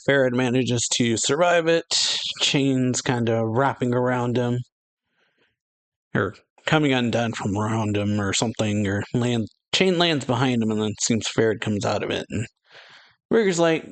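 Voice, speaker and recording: A man's voice: medium pitch, normal speed, no echo. A man hosting a casual manga reaction, recapping in a loose, chatty way with lots of fillers. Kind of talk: casual manga read-through.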